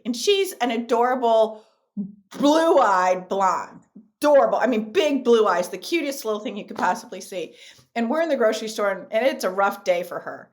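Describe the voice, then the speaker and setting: Middle-aged woman, podcast guest, slightly raised pitch, emphatic animated storyteller. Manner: emphatic, repeats key phrases. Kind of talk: podcast interview.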